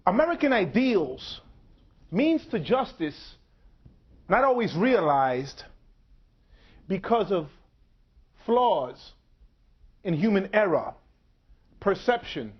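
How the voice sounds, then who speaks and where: In a dull, lo-fi recording, a fortyish man lectures publicly with a fairly high, slightly rough voice. He is very animated, speaking in clipped, measured phrases punctuated by dramatic pauses.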